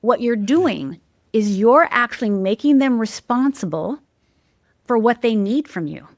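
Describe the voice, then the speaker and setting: A woman speaking as a guest life coach in an animated interview, emphatic and teacherly, repeating key words and jumping high in pitch to mimic the people she quotes. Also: measured pace, dry recording, clean studio sound.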